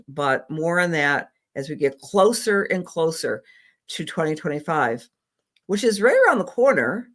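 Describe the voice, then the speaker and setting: A middle-aged woman astrologer giving psychic readings on a live stream, affectionate and rambling, with many fillers. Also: sits low.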